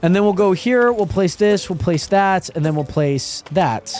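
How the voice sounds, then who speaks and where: A man's voice: high-pitched, lively intonation, moderate pace, music in the background. A man streaming a game live, chatting casually with viewers and reading their messages aloud, often repeating himself. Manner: chatty, reads chat aloud, trails off and repeats words. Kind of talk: casual live-stream chat while gaming.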